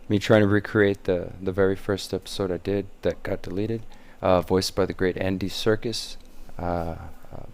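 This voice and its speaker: A man's voice: sits low, steady tone, moderate pace, few pauses, a little mellow. A man, the show's creator and host, giving rambling behind-the-scenes commentary full of fillers and restarts.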